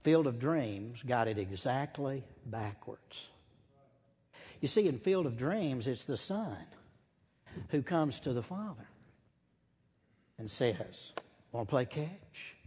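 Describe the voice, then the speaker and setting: A man preaching slowly and dramatically, with a husky voice that sinks to hushed whispers. His words ring out with the long reverb of a large hall. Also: medium pitch, expressive. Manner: slow, dramatic storytelling with hushed, whispered moments. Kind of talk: sermon.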